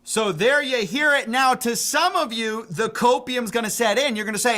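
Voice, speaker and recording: A man's voice: very high voice, normal speed, few pauses, bright, forceful tone. A man giving indignant, sarcastic political commentary on a livestream.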